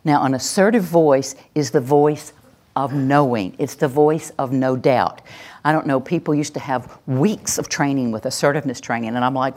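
Low-voiced woman leading a workshop. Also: normal speed. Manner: animated, acts out example voices. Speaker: teacher trainer. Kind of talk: workshop talk to an audience.

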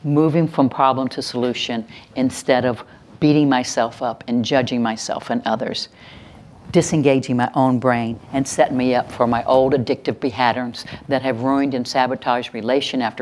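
A woman's voice: very deep voice, steady tone, moderate pace, darkish tone, a little hiss or hum. A woman giving a workshop lecture, speaking emphatically, repeating key phrases and checking in with her audience. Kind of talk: teaching lecture to a live audience.

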